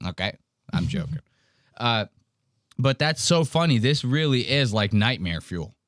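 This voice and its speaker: A man's voice: mid-range voice, lively intonation, measured pace, a bit bright, dry recording, clean studio sound. A man hosting a podcast, giving crude, joking commentary on comedy clips and laughing often. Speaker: podcast host.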